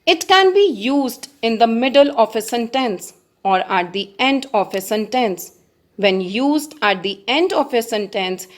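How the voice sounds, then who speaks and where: A woman teacher with an Indian English accent, explaining grammar slowly to children and stressing the example words. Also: fairly high pitch. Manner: addresses children, reads examples with emphasis. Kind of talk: slow classroom explanation.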